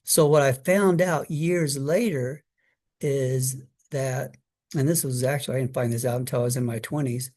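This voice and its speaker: A man's voice: medium pitch, darkish tone. A middle-aged man telling a personal story to an audience in a conversational way, acting out quoted voices, with fillers and restarts. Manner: conversational storytelling, acts out his child self and mother in quotes. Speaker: guest speaker.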